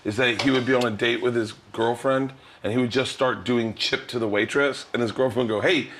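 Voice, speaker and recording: A man's voice: mid-range voice, steady tone, fairly quick, a bit bright. A man hosting a cooking show, chatting loosely and rambling through stories with his guests. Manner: rambling, loose storytelling with restarts. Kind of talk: casual banter while cooking.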